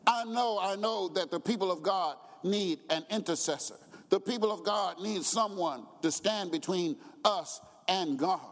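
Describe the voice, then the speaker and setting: Brief: tenor-range male pastor, impassioned church sermon, hall reverb. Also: high voice. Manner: rising to shouted preaching, acts out quotes, chuckles. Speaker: preacher.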